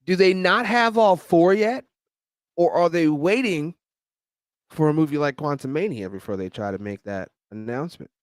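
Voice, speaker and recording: A man's voice: fairly high pitch, normal speed, no echo, clean studio sound. Easygoing man on a podcast. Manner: relaxed, easygoing, laughs readily. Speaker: co-host. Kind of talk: casual podcast chat.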